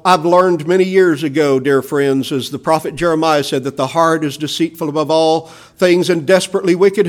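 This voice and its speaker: A man preaching a sermon, earnest and emphatic, rising on stressed words and dropping to hushed low endings.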